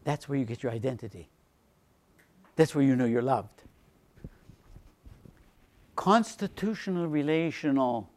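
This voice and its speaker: A man, a priest, giving a lecture on faith to a seminar, repeating phrases for emphasis and dropping into quiet low asides. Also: measured pace, pauses often. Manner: animated, swings between emphatic lines and quiet low asides.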